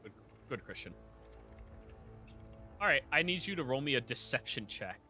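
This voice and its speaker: A man's voice: mid-range voice, very animated, moderate pace, sharp tone, soft background music. A man running a tabletop game as game master, narrating the scene and calling for rolls.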